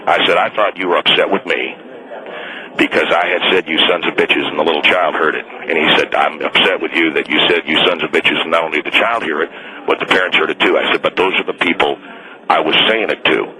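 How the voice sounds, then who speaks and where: A man's voice: very deep voice, fairly even intonation, fast talker, sharp tone, rough recording. A man playing an indignant, fired mall Santa on a radio call-in, stubborn and self-righteous, rambling with restarts. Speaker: caller.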